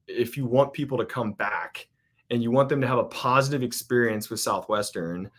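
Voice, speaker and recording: A man's voice: mid-range voice, normal speed, a bit bright. A man as a podcast guest, telling stories in a rambling, casual way with lots of fillers and restarts. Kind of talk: casual storytelling chat.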